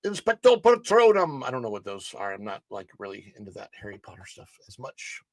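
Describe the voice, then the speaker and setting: A man's voice: fairly low pitch, steady tone, brisk, fairly bright tone, dry recording. A middle-aged man hosting a livestream news show, reading articles aloud with chatty asides and fillers. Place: studio.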